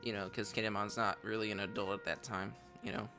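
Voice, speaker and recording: An easygoing man co-hosting a podcast, summing up an episode in a relaxed, slightly halting way. His pitch is ordinary for a man. Faint music plays underneath. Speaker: podcast co-host. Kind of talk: casual chat.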